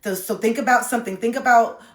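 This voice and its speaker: A woman's voice: fairly high pitch, fast, roomy sound. A woman hosting a livestream, talking bluntly and preachily with slang, recorded on a phone. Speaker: livestream host giving spiritual advice. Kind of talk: casual livestream talk.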